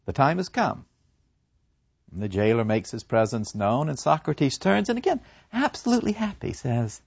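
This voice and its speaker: A man narrating a story in an animated, expressive way. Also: on the high side, a little slow, creaky, pauses often, breathy edge, no echo, muffled recording. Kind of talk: dramatic storytelling.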